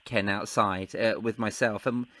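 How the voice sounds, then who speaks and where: A man's voice: on the low side, fairly even intonation, unhurried, a bit bright, no echo. A man hosting a podcast, enthusiastic and laughing often in casual chat. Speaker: podcast host.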